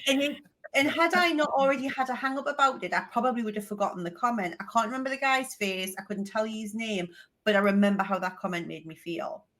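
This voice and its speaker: A Geordie woman in her forties talks in a fairly high voice, swapping frank stories on a casual podcast. She is lively and blunt and drops in a swear word now and then. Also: quick pace. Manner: lively, candid storytelling with swearing and laughter. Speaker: podcast guest. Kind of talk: casual interview chat.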